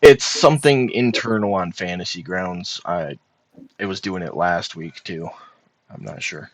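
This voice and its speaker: A man with a fairly low voice runs a tabletop game as dungeon master, quick and easygoing, often laughing. He comes through a desk mic on a voice call.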